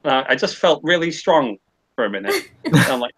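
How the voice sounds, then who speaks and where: A man's voice: medium pitch, expressive, brisk, fairly bright tone, breathy edge, low-quality recording. A man on a podcast telling a long, rambling story, swearing often and restarting his sentences. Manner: rambling, profane, frequent restarts. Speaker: podcast co-host. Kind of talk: casual storytelling.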